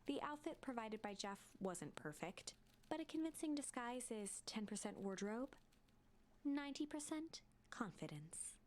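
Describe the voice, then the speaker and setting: A woman reading a game's narration aloud in a soft, steady storytelling way. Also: a little high, measured pace, a little hiss or hum.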